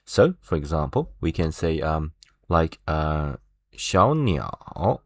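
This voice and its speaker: A man walks learners through an online language lesson. He talks slowly and explains step by step, dotting his sentences with fillers and "right?". The sound is dry and close. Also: rumbling low, dry recording. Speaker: Chinese language teacher.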